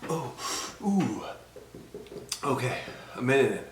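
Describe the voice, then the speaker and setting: Young male vlogger, slow and fretful delivery, echoey room, faint noise behind. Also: lowish voice, bright, forceful tone. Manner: talks to the camera in short, fretful bursts. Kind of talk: casual video blog. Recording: roomy echo, faint background noise.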